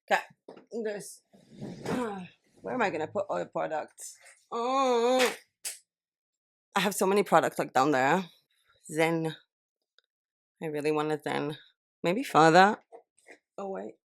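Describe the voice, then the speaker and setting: A young woman vlogger with a somewhat low voice talks casually and at length. Sore wisdom teeth give her speech a slight lisp, and she jokes about it in a chatty, self-deprecating way. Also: unhurried, gravelly, long pauses, no echo. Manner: chatty, self-deprecating, laughing through pain. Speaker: channel host. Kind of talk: casual vlog chat and bloopers.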